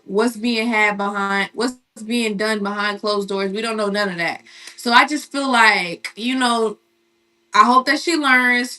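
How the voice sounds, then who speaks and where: Bright-voiced woman co-host, chatty. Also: fairly high pitch, far from the mic. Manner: chatty, emphatic, repeats phrases. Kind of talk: casual sports and celebrity chat.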